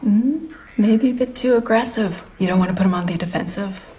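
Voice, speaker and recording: An actress playing a police officer who gives measured advice. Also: female voice, mid-range voice, warm tone, close to an everyday voice.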